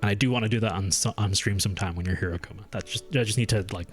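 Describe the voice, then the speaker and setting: A young man chats loosely with his audience, stopping and restarting his sentences and drifting from one tangent to the next. Music plays quietly under his voice. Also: on the low side, racing. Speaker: streamer. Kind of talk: casual live-stream chat. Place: home room.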